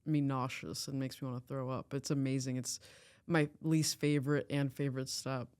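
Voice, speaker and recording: Woman podcast host, smooth clear voice, chatty and hyped about her guest, swears casually. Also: rumbling low, flat delivery, moderate pace, a little mellow, dry recording. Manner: enthusiastic, supportive, casual with swearing. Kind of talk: casual interview chat.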